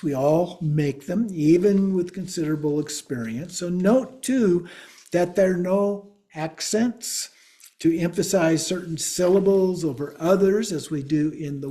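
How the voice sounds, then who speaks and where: Slow, deliberate male teacher. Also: high voice, mellow. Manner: slow, deliberate, spelling words out letter by letter. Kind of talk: class lecture.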